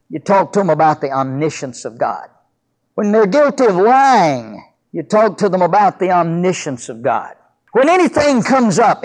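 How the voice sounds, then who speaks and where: An older man preaching a sermon about teaching children, telling stories from his family and ministry. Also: high-pitched. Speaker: pastor.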